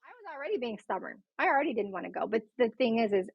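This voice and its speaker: Husky-voiced woman telling her story frankly. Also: on the high side, sing-song, quick pace, no echo. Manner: frank, earnest, acts out quoted people. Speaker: patient sharing her story. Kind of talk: candid personal storytelling conversation. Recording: dull lo-fi dry sound.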